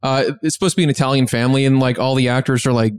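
A man's voice: mid-range voice, fairly even intonation, very fast, clear, resonant tone, no room sound, clean studio sound. A man co-hosting a podcast, chatting casually and chiming in with easygoing agreement. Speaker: podcast co-host. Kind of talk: casual chat.

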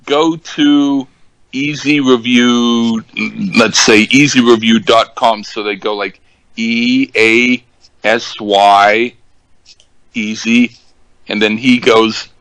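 An older man chats slowly and haltingly, stopping often on ums and starting his sentences over. His voice is dry and close, with almost no room sound around it. He speaks at an unhurried, plodding pace throughout. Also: medium pitch, flat delivery, fairly bright tone, smooth, dry recording, rough recording. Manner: halting, many ums and restarts. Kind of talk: casual chat.

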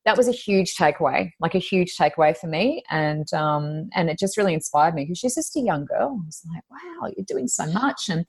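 An Australian woman, a psychic medium and podcast co-host, chatting casually and telling animated stories with high-pitched exclamations. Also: a little fast, few pauses, husky. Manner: animated storyteller, acts out quotes with high exclamations. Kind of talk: casual chat.

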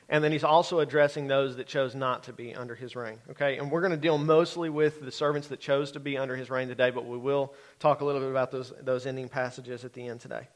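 A middle-aged man preaching a sermon in a conversational way, often checking in with his listeners. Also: mid-range voice. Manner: conversational, keeps checking in with the congregation. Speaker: pastor.

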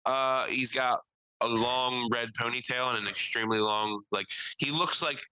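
Very bright-voiced, swearing podcast host. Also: male voice, medium pitch, steady tone, moderate pace, clean tone, no echo, poor audio. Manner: profane, laughing, storytelling. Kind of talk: casual podcast chat.

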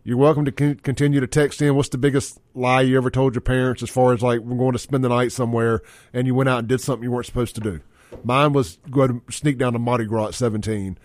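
A man's voice: mid-range voice, little pitch movement, fast, darkish tone, no room sound. A man hosting a radio talk show, brash and joking as he reads out the text line and phone line.

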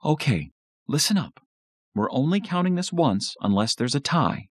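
A brisk, matter-of-fact mother, put on by a man reading a story aloud, pitched up well above his own very low voice. She talks in a dry, close, no-nonsense way. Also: sing-song, husky, dry recording. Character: stern no-nonsense mother running a vote.

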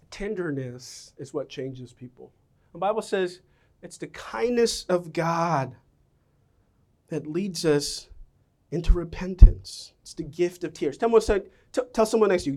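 Delivering his sermon in an expressive, unhurried way, this middle-aged pastor tells self-mocking stories. His voice moves from loud bursts down to quiet, low passages.

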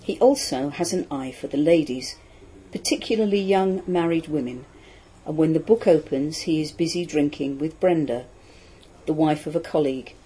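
A narrator with a dark, mellow tone and a slightly husky edge reads a scripted book summary. The delivery is plain and informative, at a middling pitch. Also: moderate pace, poor audio.

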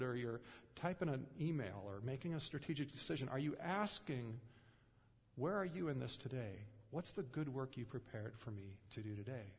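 A man preaching a sermon in an earnest way, pausing often and letting his voice drop softly at the ends of phrases. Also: medium pitch, gravelly, in a large hall. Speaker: pastor.

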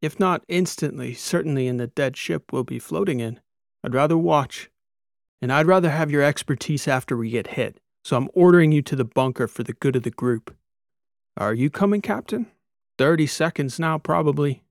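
A man voicing a starship captain who shouts urgent orders to his crew. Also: a little high, moderate pace, creaky, no echo, clean studio sound. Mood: commanding. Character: commanding male starship captain in a crisis.

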